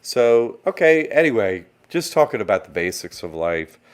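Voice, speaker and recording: A man's voice: fairly low pitch, sing-song, normal speed, clear, resonant tone. A man hosting a live-streamed online class, rambling and conversational as he greets chat viewers. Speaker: online course host.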